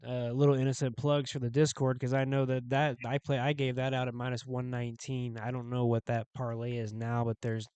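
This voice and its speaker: A man co-hosting a sports betting podcast, reading off stats in a relaxed, casual chat with plenty of "um". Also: medium pitch, brisk, few pauses, clean tone, no echo. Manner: relaxed, stat-heavy, filler "um".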